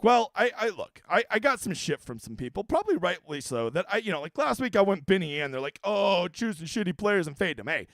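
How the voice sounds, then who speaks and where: Brash, profane stream host, high voice with a lively, swinging pitch. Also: male voice, no room sound. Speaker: fantasy sports strategy host. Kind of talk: casual livestream commentary.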